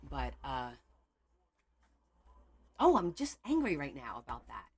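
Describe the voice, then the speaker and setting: A woman's voice: extremely low pitch, wildly swooping pitch, slow pace, breathy edge, no echo. A woman hosting a casual crafting video at her home craft table, chatting loosely and breaking into exasperated outbursts. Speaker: crafting channel host.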